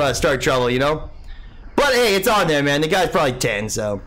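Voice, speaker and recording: A young man hosts a live game stream in a loose, rambling way, answering chat comments one after another. His voice sits a little high for a man, and he keeps dropping "man" and "dude" into relaxed, unhurried talk. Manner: laid-back, rambling, says "man" a lot. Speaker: livestream host.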